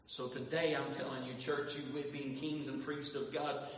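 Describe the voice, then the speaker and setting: A man preaching a sermon to his church, repeating phrases and rising into sung shouts. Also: mid-range voice, little pitch movement, normal speed, slight background noise. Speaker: pastor. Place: church sanctuary. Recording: echoey church hall, distant mic, faint ambience.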